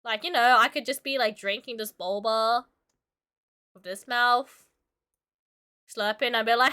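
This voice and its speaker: A woman's voice: on the high side, normal speed, pauses often, bright, forceful tone. A woman streamer chatting casually with her audience while drawing, giggly and full of filler words, sick and coughing now and then. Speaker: streamer and illustrator.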